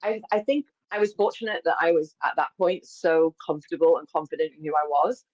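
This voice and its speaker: Speaking a little fast in a deep voice, a candid woman guest who works as an embodiment coach shares stories conversationally. She's open and animated, laughing and self-correcting often, and her call audio sounds lo-fi and slightly dull.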